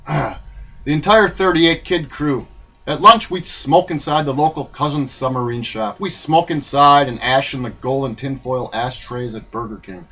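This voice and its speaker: A man reading his own memoir in a rambling, wry, irreverent way, swinging between loud bursts and low mutters. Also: measured pace, poor audio. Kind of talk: spoken-word memoir reading.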